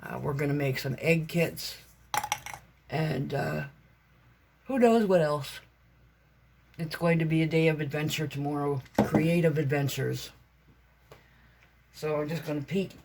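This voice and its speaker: Gravelly, rambling woman vlogger. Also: sits low, measured pace, long pauses, noisy background. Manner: meandering and chatty, with frequent fillers and self-corrections. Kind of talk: casual rambling vlog chat.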